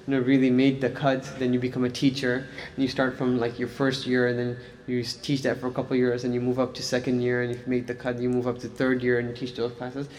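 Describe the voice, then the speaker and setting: A man's voice: medium pitch, monotone, quick pace, few pauses, darkish tone, big-room sound, a little hiss or hum. A man teaching Islamic studies in a casual lecture style, talking conversationally and often checking in with "right?". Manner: conversational, frequent "right?" and "like" fillers.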